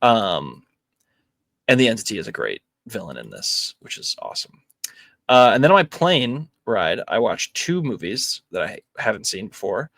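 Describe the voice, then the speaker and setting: A young man hosts a movie podcast, reviewing films in a relaxed chat loaded with ums and likes. His voice is fairly low and creaky, moving at a moderate pace with no echo.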